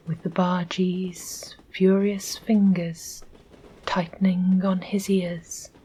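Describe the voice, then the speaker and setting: A woman with an English accent reading a classic children's story aloud as whispered ASMR narration, in a soft whisper. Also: medium pitch, slight background noise, poor audio. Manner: slow, calm storytelling. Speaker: audiobook narrator.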